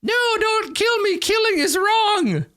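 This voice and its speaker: A tiny, frightened kobold pleads in a thin, squeaky voice that jumps far above a normal speaking voice, sounding strained, as a man puts it on mid-talk. The voice is pitched very high and rises and falls sharply, like a small game creature squealing for mercy. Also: sing-song, slow pace, sharp tone, no room sound, clean studio sound, exaggerated voice. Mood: pleading.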